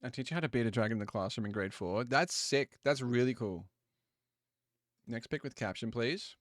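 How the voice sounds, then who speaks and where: A man's voice: mid-range voice, no echo. Laid-back man, dry sound. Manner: chatty, easygoing, quick apologies and asides. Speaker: livestream host. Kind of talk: casual stream chat with viewers.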